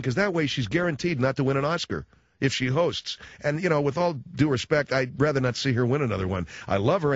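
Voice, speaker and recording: A man's voice: medium pitch, no room sound, lo-fi sound. A man hosting a radio show, ranting sarcastically and rambling from one showbiz jab to the next. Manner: sarcastic, rambling, riffing with impressions. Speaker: radio host. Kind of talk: comedic talk radio rant.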